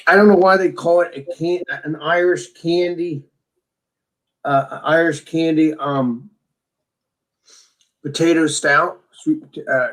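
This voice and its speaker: A man co-hosting a casual beer tasting chat, talking with enthusiasm and rambling restarts. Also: on the high side. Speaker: beer reviewer co-host.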